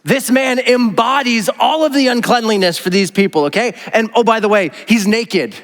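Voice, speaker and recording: A man, a pastor preaching a casual, animated sermon and acting out the voices he quotes. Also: extremely high pitch, normal speed, long reverb tail. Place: church auditorium.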